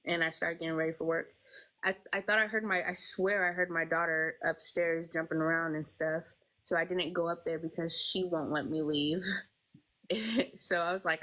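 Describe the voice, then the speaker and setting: A young woman telling a painful personal story as an interview guest, halting and emotional, with many fillers. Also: sits low, fairly bright tone, rough recording.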